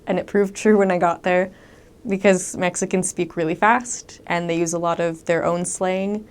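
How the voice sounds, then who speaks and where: A young woman casually telling stories about her time as a missionary, with a conversational, animated manner and frequent ums. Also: lowish voice, normal speed, clean tone. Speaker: returned missionary. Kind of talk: casual storytelling monologue.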